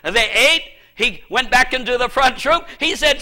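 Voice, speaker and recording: A middle-aged man preaching a sermon in church with a very high, bright, forceful voice. He is emphatic and breaks into sudden shouted bursts as he drives his points home. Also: normal speed. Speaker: pastor.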